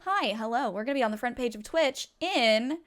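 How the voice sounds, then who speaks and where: A young woman streaming a video game, chatting directly to her viewers in a chatty, excitable way. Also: a little high, fairly quick. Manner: chatty, addresses chat directly; excitable, gushing. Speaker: Twitch streamer. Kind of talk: casual live-stream chat while gaming.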